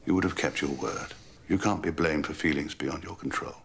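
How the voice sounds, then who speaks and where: In a period drama, a middle-aged lord of the house with a very deep, gravelly voice. He reassures gently and gravely. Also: fairly quick, a little hiss or hum, exaggerated voice. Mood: reassuring.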